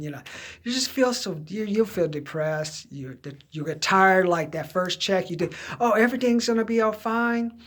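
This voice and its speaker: A slightly bright, higher-pitched male voice belongs to a middle-aged Southern Californian. Telling loose, candid stories from his own life as tips for job seekers, he rambles casually and drifts into quoted voices.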